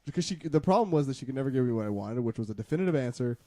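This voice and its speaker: A man's voice: mid-range voice, expressive, racing, warm tone, dry recording. A man in casual chat, rambling through a personal story with many restarts. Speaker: podcast co-host.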